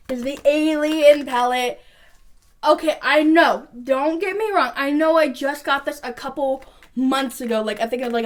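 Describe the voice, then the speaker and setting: A young woman vlogger chatting casually through a makeup review, rambling with lots of fillers. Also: high-pitched. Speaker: beauty vlogger.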